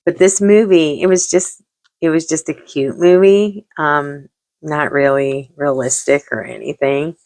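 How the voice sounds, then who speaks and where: A woman's voice: deep voice, steady tone, unhurried, a little mellow, no echo. A middle-aged woman hosting a vlog, chatting casually while she crafts, rambling and self-deprecating and often repeating herself. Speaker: vlog host.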